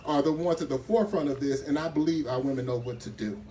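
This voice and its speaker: A man's voice: medium pitch, fast, dark tone. A man giving a rousing, preacher-like speech at an outdoor press conference. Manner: rousing, preacher-like delivery addressing the crowd. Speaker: community advocate speaker. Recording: distant mic with faint ambient noise.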